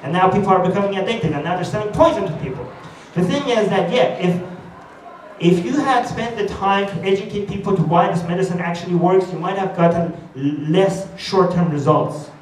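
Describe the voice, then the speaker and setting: Male conference speaker, argumentative and lively, high voice, echoey hall, faint hiss. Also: brisk. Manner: animated, argumentative, acts out quoted voices. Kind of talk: conference talk. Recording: echoey hall, distant mic, faint noise.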